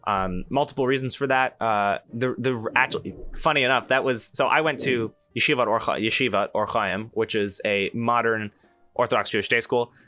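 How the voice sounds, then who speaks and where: A man's voice: medium pitch, brisk, pushed and bright, soft background music. A young man hosting a podcast, telling a story in a casual, rambling way with many restarts and asides. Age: young adult. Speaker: podcast host.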